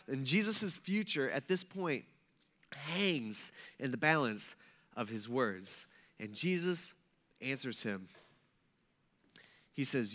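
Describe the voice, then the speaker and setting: A man preaching a sermon in a conversational, animated way, acting out the people he tells about. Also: on the high side, slow pace, long pauses. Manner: conversational, animated, acts out quotes. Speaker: pastor.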